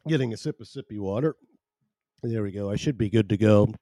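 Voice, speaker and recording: A man's voice: fairly low pitch, fairly quick, warm tone, no echo, clean studio sound. A man hosting a casual live podcast from home, rambling and self-deprecating as he chats. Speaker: podcast host. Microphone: headphones and desk mic.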